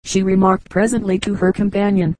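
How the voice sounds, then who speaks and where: A woman narrates short comic anecdotes in an even, measured storytelling way. Her voice is mellow and warm. The recording is dry and close, with no room sound around her. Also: medium pitch, no room sound, poor audio. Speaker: audiobook reader. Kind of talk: scripted narration of humorous anecdotes.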